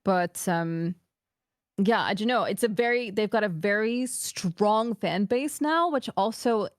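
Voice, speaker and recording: A woman streamer chatting casually, giving her views in a thoughtful and frank way. Her voice sits at an ordinary middle pitch. The sound is close and dry, with no room in it. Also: expressive, measured pace, no echo. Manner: thoughtful and candidly opinionated. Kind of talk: casual chat.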